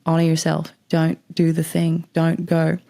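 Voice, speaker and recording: A woman hosts a podcast in a low, warm, monotone voice with vocal fry, speaking at an unhurried pace. She gives spiritual advice in a chatty, rambling way, swearing casually as she goes.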